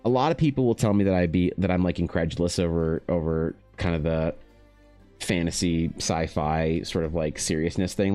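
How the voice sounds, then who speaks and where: A man streaming while he paints, chatting casually in a rambling, profane way, his pitch leaping up now and then. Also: sing-song, normal speed, darkish tone, faint music behind. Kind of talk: casual livestream chat.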